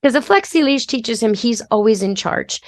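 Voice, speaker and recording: A woman pet expert talks through training steps in a practical, chatty manner. Her voice is fairly high. The recording is dry and close. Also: expressive, normal speed, no room sound. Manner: practical, chatty, gives step-by-step advice. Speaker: pet expert and podcast host. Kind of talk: casual instructional talk.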